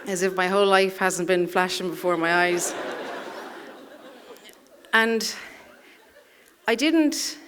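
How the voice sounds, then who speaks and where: A woman's voice: medium pitch, a little slow, long pauses, a crowd in the background, background noise. A woman telling a personal story live on a theatre stage, in a wry, self-deprecating way, chuckling through her lines.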